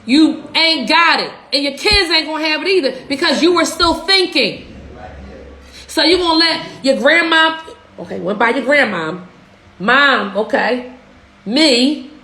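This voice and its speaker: Young woman, high bright voice, profane heated livestream rant, echoey room. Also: lively intonation, a little slow. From Philadelphia. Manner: profane, fired-up, rhetorical questioning. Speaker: social media business coach.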